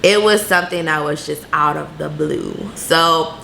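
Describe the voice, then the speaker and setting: A woman in her late twenties with a low voice talks slowly and earnestly, answering viewers' questions in a candid vlog. Her voice rings in a roomy space with a faint ambient hum underneath. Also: gravelly, pushed and bright. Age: late 20s. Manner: reflective, laid-back, earnest. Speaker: vlogger.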